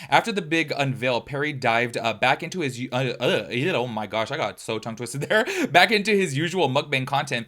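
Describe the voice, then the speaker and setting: Chatty man, mid-range voice, casual commentary, reads aloud, exclaims often, recording from home. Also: medium pitch. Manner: chatty and expressive, often exclaiming, with frequent fillers. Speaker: commentary YouTuber. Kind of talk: casual reaction commentary, reading an article aloud.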